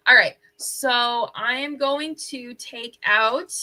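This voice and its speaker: A woman's voice: fairly high pitch, slow pace, bright, forceful tone, rough recording. A woman playing a tabletop game, upbeat but a little hesitant as she explains her moves. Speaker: player.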